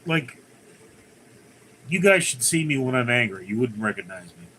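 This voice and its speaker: A man's voice: mid-range voice, very animated, normal speed, pushed and bright, a little hiss or hum, rough recording. A man hosting a casual livestream, reading viewer comments aloud and answering them in a rambling, conversational way. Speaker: livestream host.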